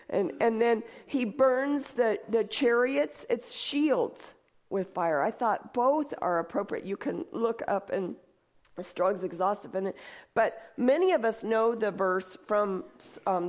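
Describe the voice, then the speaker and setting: Slow-reading woman preaching in church. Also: medium pitch. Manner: slow scripture reading then lively conversational preaching. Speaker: church worship leader. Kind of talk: sermon.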